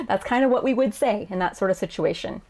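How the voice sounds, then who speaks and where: A woman translator explaining her work in a casual video lesson, chatty and quick to laugh, acting out quoted lines as she goes. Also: medium pitch, expressive, a little mellow. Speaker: Japanese game translator.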